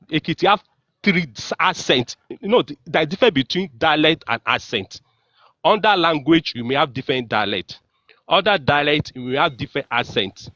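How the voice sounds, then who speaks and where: A man's voice: medium pitch, a bit bright, no echo. A man with a Nigerian Yoruba accent, speaking as a guest in an online group discussion, earnest and full of fillers and repeats.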